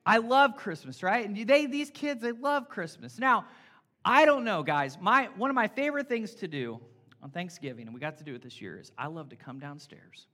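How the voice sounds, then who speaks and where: A man preaching a casual, playful sermon as pastor, energetic and talking straight to his congregation. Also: high voice, normal speed. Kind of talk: conversational sermon.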